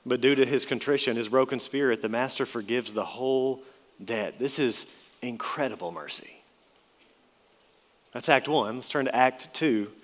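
A man's voice: medium pitch, normal speed, long reverb tail. A man preaching an expository sermon, emphatic, with his voice rising and dropping for effect.

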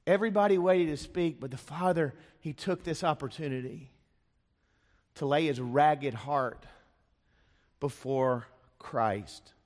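Fairly high and a little mellow, the pastor's voice proceeds a little slowly. In the church sanctuary he tells the story dramatically, acting out the voices of the people within it. The recording bears the long reverb of a church hall.

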